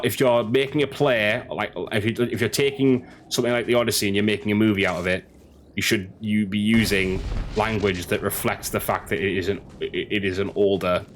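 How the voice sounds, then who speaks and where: A man's voice: on the low side, slight background noise. A man rambling through opinionated casual commentary as a gaming streamer, often restarting his sentences. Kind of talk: casual commentary over gameplay.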